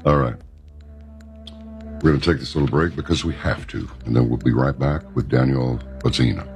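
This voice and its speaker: A man hosting a radio talk show, easygoing and relaxed. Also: rumbling low, normal speed, over music. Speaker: radio host.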